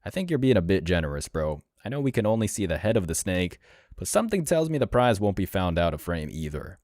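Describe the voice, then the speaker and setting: A man's voice: low voice, very animated, fast, darkish tone, dry recording, clean studio sound. A man narrating reaction clips in a scripted, sneering and mocking tone. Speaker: commentary channel narrator.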